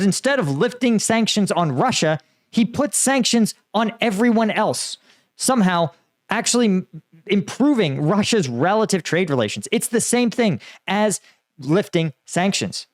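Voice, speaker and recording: A man's voice: high voice, expressive, normal speed, dry recording, clean studio sound. A man hosting a commentary channel, talking casually and sarcastically about politics, with frequent restarts.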